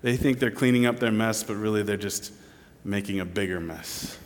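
A man preaching a sermon with earnest intensity. He drops soft and low, then rises loud and pleading. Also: normal speed. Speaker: pastor. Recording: long reverb of a large hall.

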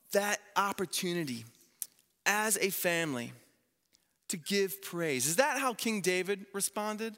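Bright-voiced pastor preaching in a hall. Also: male voice, sits high, unhurried. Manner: animated storytelling, acts out quoted voices. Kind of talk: sermon. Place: church sanctuary. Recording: long reverb of a church hall.

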